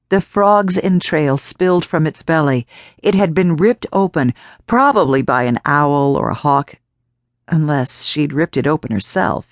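Low, slow woman narrating an audiobook. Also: no echo, studio quality. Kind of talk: scripted narration.

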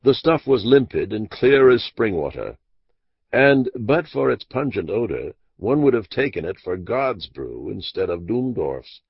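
Gravelly male audiobook narrator. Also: lowish voice, dry recording. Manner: measured, expressive storytelling. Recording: dull dry lo-fi audiobook recording.

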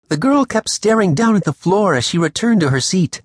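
A man narrating a children's audiobook in first person, with a lively storytelling manner. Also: high voice, brisk, hardly any pauses, breathy edge, no echo, studio quality. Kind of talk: scripted narration.

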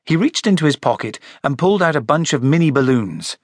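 A male audiobook narrator with a very lively, swooping delivery, reading a children's story. He sounds close and dry, as if in a dead studio. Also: a little high, fairly quick, few pauses, husky, dry recording. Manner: expressive, animated storytelling.

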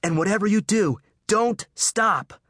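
A man's voice: on the high side, big pitch swings, normal speed, no room sound, clean studio sound, voice pushed up. A man doing a breathless, guilt-ridden teen boy. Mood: panicked, guilty. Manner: breathless, anxious.

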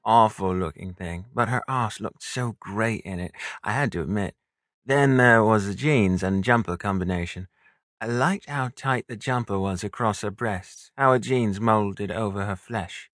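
A man reading an audiobook as a first-person narrator in a measured, intimate storytelling manner, recorded close in a studio. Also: lowish voice, a bit bright, dry recording.

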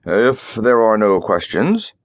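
A man's voice: on the low side, sing-song, slow pace, no room sound, clean studio sound, heavily acted. A man doing a pompous snapping ambassador. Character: pompous scheming middle-aged male ambassador.

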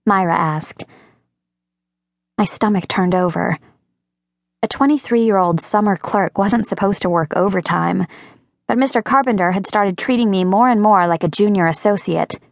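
A woman narrating an audiobook in a measured way, voicing the characters lightly. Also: medium pitch, vocal fry, dry recording, clean studio sound. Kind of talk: scripted narration. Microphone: close studio mic.

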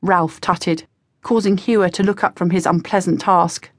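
A woman reading a teen adventure audiobook in a measured storytelling manner. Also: on the low side, fairly even intonation, no room sound, studio quality. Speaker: audiobook narrator. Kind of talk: scripted narration.

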